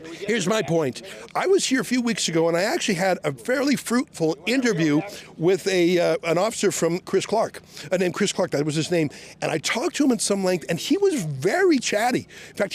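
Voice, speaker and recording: A man reporting outdoors in the street, firing sarcastic, combative questions at police. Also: high voice.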